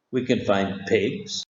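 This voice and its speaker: A man teaching young children about animals with slow, exaggerated questions. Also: lowish voice, reverberant, highs cut off, a little hiss or hum. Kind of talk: children's lesson.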